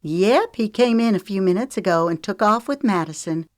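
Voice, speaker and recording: A woman's voice: medium pitch, animated, moderate pace, no room sound, studio quality, voice pushed up, close to an everyday voice. A woman narrator voicing a friendly, chatty female cousin in an audiobook. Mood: cheerful.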